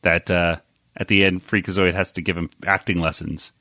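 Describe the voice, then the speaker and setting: A man's voice: deep voice, steady tone, moderate pace, sharp tone, soft background music. A man hosting a cartoon podcast, rambling with fillers and chuckles in casual chat. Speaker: podcast host.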